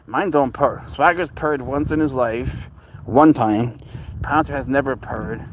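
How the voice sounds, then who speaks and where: A man's voice: mid-range voice, measured pace, a little hiss or hum, poor audio. A man hosting a casual live stream with his pet cat, chuckling as he answers viewer questions while walking outdoors. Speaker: livestream host with a pet serval. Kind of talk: casual live-stream chat reading comments.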